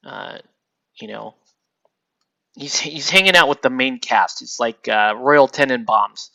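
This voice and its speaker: A man hosting a casual livestream, rambling excitably and laughing often while he paints miniatures. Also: medium pitch, no echo. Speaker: livestream host.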